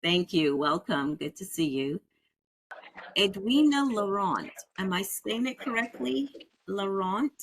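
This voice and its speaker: A woman's voice: on the low side, expressive, measured pace, slight background noise. A woman chairing a community committee meeting over a video call, welcoming members by name in a friendly way. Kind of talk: online meeting roll call.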